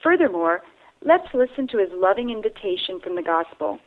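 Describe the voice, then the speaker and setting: A woman calmly reading spiritual instructions and reflections aloud, addressing the listener. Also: mid-range voice. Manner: calm, measured, addressing the listener. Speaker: reader. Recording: narrow phone-like sound.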